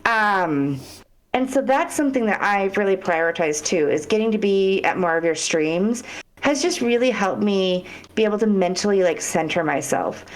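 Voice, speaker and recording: A woman's voice: medium pitch, animated, normal speed. A woman guest on a podcast, talking in a heartfelt, rambling way in casual interview chat.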